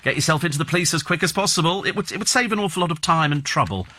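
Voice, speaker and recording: Bloke on the radio going through the sunday papers, bright edgy voice, snarky and mocking. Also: male voice, a little high, racing. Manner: sarcastic, scornful asides, tag questions. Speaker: radio presenter. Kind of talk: newspaper review with sarcastic commentary. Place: radio studio.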